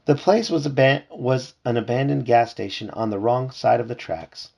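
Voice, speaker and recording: A father reads a children's storybook aloud at home, with a gravelly, slightly husky voice. He reads with lively expression and slips into voices for the characters. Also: medium pitch, normal speed.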